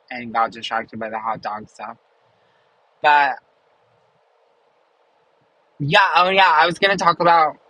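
A man's voice: on the high side, pushed and bright, dry recording, low-quality recording. A man chatting casually and rambling about a show he recommends. He leans heavily on fillers, trails off and pokes fun at himself. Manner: filler-heavy, trails off, self-mocking. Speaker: show reviewer.

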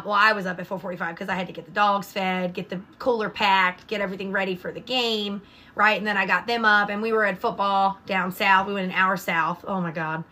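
A woman's voice: medium pitch, sharp tone. A woman, co-hosting a podcast, telling stories bluntly and swearing freely. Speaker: podcast co-host. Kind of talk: casual chat.

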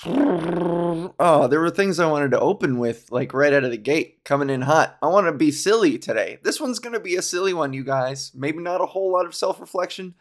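Giggly rambling comedian hosting a podcast. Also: male voice, fairly high pitch, expressive, normal speed. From Ontario, Canada. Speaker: podcast host. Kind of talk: casual solo podcast chat.

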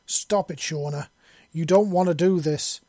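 A man's voice: on the high side, unhurried, dry recording, clean studio sound, pitched above the performer's own voice. A man doing a big nervous spider-creature boy. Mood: urgent. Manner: shouting, pleading firmly. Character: large young spider-creature boy, fearful but protective.

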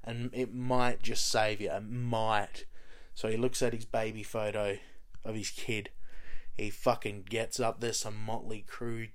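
A man casually recapping a TV show, rambling and swearing, full of fillers like "you know" and "like.". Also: lowish voice. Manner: profane, rambling, heavy on fillers. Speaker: TV show fan recapping episodes.

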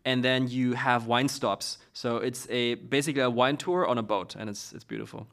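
A man's voice: mid-range voice, steady tone, normal speed, fairly bright tone. A middle-aged man, a startup co-founder, answering interview questions casually, with many fillers and restarts.

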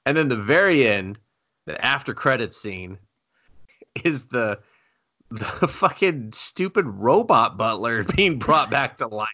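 Man, young adult, podcast co-host, bright tone, medium pitch, lively joking chat, laughs often, curses. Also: slow pace. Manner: animated, laughing, swearing, acts out scenes. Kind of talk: casual chat reviewing anime.

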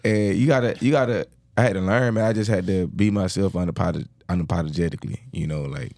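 Deep-voiced man with a country Georgia accent. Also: fast, gravelly, no echo. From rural Georgia. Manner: relaxed and friendly, says "bro" often. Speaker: podcast host. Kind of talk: casual podcast conversation.

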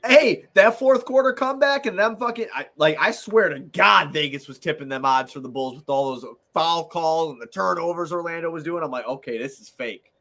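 A man's voice: on the high side, fairly quick, few pauses, sharp tone. A man hosting a casual sports chat, venting profanely about his team with self-deprecating jokes. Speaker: sports podcast host.

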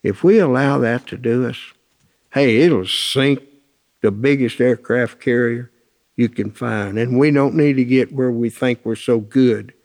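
A man's voice: medium pitch, measured pace, a little mellow. A man teaching a Christian class, preaching through a personal story in a folksy, storytelling way. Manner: folksy storytelling, acts out phone calls in raised voices.

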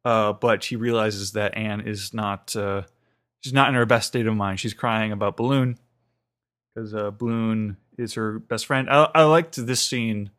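Recapping an episode in a rambling way, this podcast co-host piles on fillers and restarts. His voice is on the low side yet fairly bright, with a steady tone and an unhurried delivery.

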